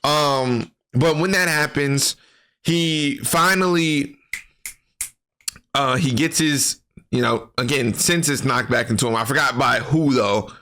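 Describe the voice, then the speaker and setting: Man, casual game recap, bright voice, loose profane slang, rambling delivery. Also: medium pitch, takes it slowly. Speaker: gaming commentary creator. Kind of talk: casual gaming commentary.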